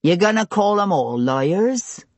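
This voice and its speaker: A woman narrator voicing a gruff, stocky, scarred male tavern keeper and ex-soldier with a West Country accent, in a surly, taunting manner. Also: mid-range voice, expressive, takes it slowly, a little mellow, dry recording. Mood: scoffing. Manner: surly, taunting, clipped dialect.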